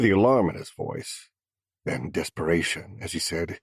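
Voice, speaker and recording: Deep husky male narrator, menacing. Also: moderate pace, no room sound, studio quality. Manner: menacing, growling first-person mob boss. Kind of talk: scripted audiobook narration.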